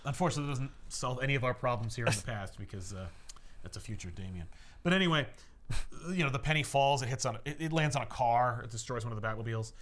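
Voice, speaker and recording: A man's voice: mid-range voice, animated, fast talker, fairly bright tone. A man co-hosting a casual podcast, animatedly recapping a comic story with laughs and fillers. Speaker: podcast co-host.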